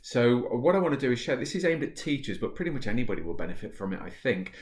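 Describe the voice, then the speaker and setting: A man who writes about positive psychology, talking casually to teachers and then reading a story passage aloud in a relaxed, storytelling way. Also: medium pitch, fast. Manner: relaxed and chatty with fillers, reading at an easy, storytelling pace. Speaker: positive psychology author and speaker. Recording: roomy, echoey room.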